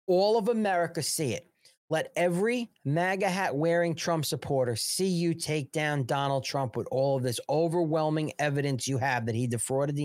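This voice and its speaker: A man's voice: on the high side, darkish tone, dry recording, studio quality. A man hosting a political live show, ranting in a heated, sarcastic and profane way. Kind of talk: political commentary livestream.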